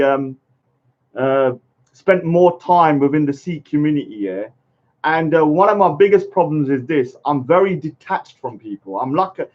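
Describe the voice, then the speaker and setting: A man chatting casually on a live stream, rambling and halting with many fillers and greeting viewers by name. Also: fairly high pitch. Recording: muffled lo-fi stream audio.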